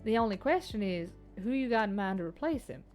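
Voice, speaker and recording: A woman puts on a brash young chief surveyor in a game, a woman who drawls her words and swears freely in a clipped British accent. The voice is bluntly spoken and sits over soft background music. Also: medium pitch, animated, fairly quick, natural voice. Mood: upbeat. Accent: British received pronunciation put on.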